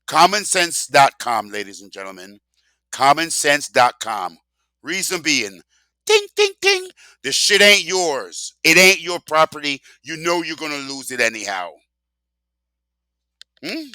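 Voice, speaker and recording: A man's voice: on the high side, very animated, unhurried, sharp tone, dry recording. An older man ranting sarcastically in a casual monologue, emphatic and rambling, full of rhetorical questions. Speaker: vlogger.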